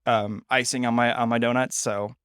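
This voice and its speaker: Young man, podcast co-host, playful quick asides, dry close mic. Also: mid-range voice, flat delivery, fairly bright tone, clear, resonant tone, no echo. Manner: joking, quick asides, laughs often. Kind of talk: casual chat.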